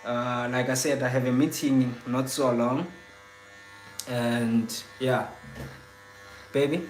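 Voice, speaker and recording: A man's voice: medium pitch, level tone, slow, echoey room, slight background noise. A young man from South Africa hosting a casual livestream, chatty and teasing as he greets viewers by name. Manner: reads viewer comments aloud, chatty and teasing. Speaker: livestream host.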